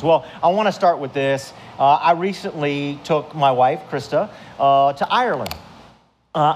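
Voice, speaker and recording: A pastor preaches to his congregation in an easy, chatty way, with a voice that sits a little higher than most men's. He tells stories and keeps asking his listeners questions. A faint noise sits under his voice. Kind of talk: conversational sermon. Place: church service before a congregation.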